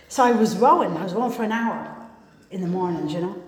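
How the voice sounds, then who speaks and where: A woman speaks to a gathered audience in a rambling, self-mocking way, often restarting her sentences. Her voice sits at a middle pitch. It rings with heavy echo and a long reverb, as in a big hall. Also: quick pace, crowd noise. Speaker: recovery meeting speaker. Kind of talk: personal talk to an audience. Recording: echoey hall.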